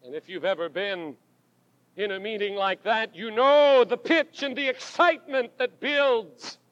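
A male pastor delivers a dramatic, rhythmic sermon, leaning into emphatic refrains. His voice sits unusually high and he takes it slowly, drawing out each phrase. It comes through a dull, lo-fi 1980s tape recording. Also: fairly bright tone, no room sound. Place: church pulpit.

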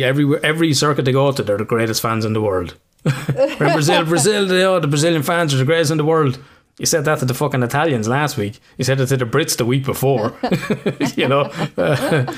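A man in his thirties, a psychotherapist co-hosting a podcast, rambling casually with swearing and laughter. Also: fairly low pitch. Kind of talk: casual chat.

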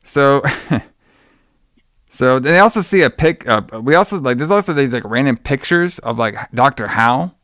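A man's voice: mid-range voice, lively intonation, moderate pace, a bit bright, no echo, studio quality. A man co-hosting a podcast in a casual movie-review chat, rambling, laughing often and swearing freely. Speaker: podcast co-host.

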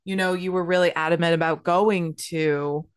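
A woman's voice: fairly low pitch, steady tone, normal speed, clear, resonant tone. A woman, co-hosting a casual podcast and chatting informally with frequent laughs. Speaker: podcast co-host, wife. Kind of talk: casual storytelling chat.

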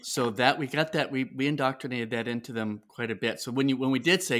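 A middle-aged man, a podcast guest, talking earnestly about parenting with halting restarts. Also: mid-range voice, a bit bright. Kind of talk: casual podcast conversation.

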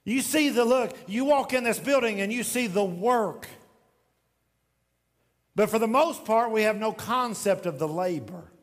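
A man preaching a sermon as pastor in a church sanctuary, swinging between loud emphatic lines and hushed ones. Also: high-pitched, expressive, a little slow, big-room sound.

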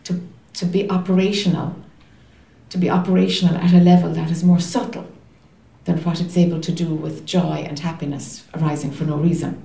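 Woman teacher, calm and encouraging, warm low voice, echoey room. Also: fairly quick, creaky. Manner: gentle, affirming, encouraging. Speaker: spiritual teacher. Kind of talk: guiding a questioner in a retreat dialogue.

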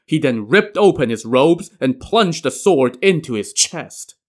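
A man's voice: a little high, big pitch swings, a little slow, few pauses. A male storyteller retelling a classic tale in casual narration with wry modern asides.

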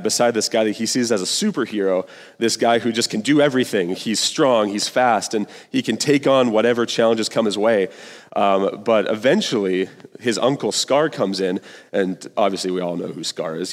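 Young casual youth pastor in a big echoing hall. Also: male voice, fairly low pitch. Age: 20s. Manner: casual, conversational, with fillers and asides. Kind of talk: sermon. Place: church sanctuary. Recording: long reverb of a large hall.

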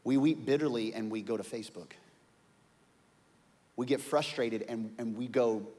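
A man preaching a sermon in an animated way, acting out the voices of the people in his story. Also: mid-range voice, in a large hall. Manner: animated, acts out quoted voices. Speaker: pastor.

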